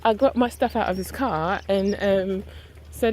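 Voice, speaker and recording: A woman's voice: mid-range voice, normal speed, a little hiss or hum, low-quality recording. Woman telling a story animatedly. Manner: animated retelling, acting out both sides of an argument. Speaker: vlogger. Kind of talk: casual storytelling.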